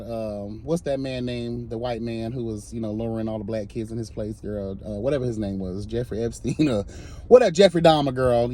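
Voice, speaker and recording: A man giving an impassioned, sassy commentary rant, swinging between soft asides and loud emphatic outbursts. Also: medium pitch.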